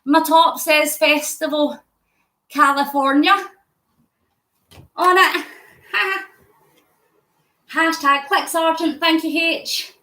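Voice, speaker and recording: High-voiced Scottish woman chatting on a live stream. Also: fairly even intonation, takes it slowly, pauses often, pushed and bright, roomy sound, low-quality recording. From Scotland. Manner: chatty, answers comments aloud with frequent laughs; talking while cycling. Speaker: fundraising vlogger. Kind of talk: live stream chat reading viewer comments.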